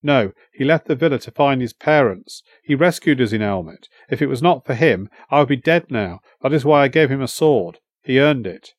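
A man reads a young soldier standing up to his father, earnest and steady, firm without shouting. His middle-pitched voice stays plain and even in a dry storybook recording. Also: moderate pace, hardly any pauses, dry recording, natural voice. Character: young male soldier son, earnest and determined.

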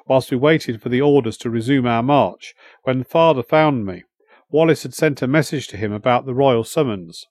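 A man reading a first-person story as an audiobook narrator, in measured storytelling. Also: medium pitch, no echo, studio quality.

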